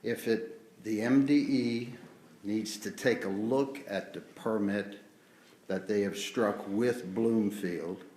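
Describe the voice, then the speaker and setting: A man's voice: fairly low pitch, steady tone, slow, darkish tone, slight background noise. A man formally addressing officials at a public meeting, pressing his point firmly. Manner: formal, building to insistent. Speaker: resident speaking at public meeting. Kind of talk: public comment. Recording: echoey hall.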